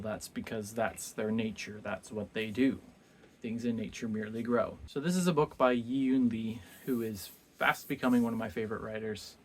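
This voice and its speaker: A man talking through a book review in a casual vlog, reflective and halting, often restarting his sentences as he searches for words. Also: medium pitch.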